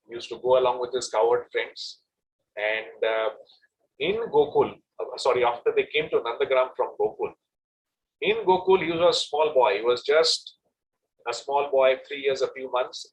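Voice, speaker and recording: A man recounts a devotional story in an easy, conversational way, wandering into personal anecdotes. His voice sits in a middle pitch and he speaks outdoors at a pilgrimage site. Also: rough recording.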